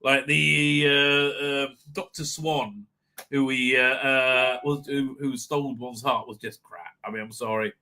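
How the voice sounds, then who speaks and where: A man's voice: medium pitch, fairly even intonation, a little slow, pushed and bright. A man from Britain hosting a casual live stream, rambling with frequent restarts and swearing. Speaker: livestream host.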